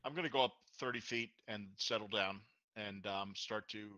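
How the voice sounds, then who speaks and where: A man's voice: fairly low pitch, normal speed, bright, forceful tone. A man playing a tabletop game, thinking aloud with hesitations. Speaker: player.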